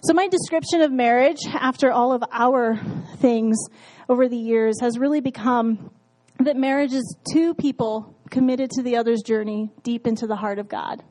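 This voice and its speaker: A woman's voice: fairly high pitch, normal speed, a little mellow, poor audio. A married woman casually telling her faith story, candid, with frequent fillers and laughs. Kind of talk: casual testimony talk.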